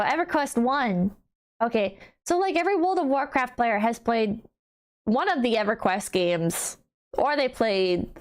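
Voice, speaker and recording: A woman streamer chatting casually with her viewers, blunt and wry, with frequent swearing. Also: medium pitch. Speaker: streamer reading chat. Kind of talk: casual livestream chat.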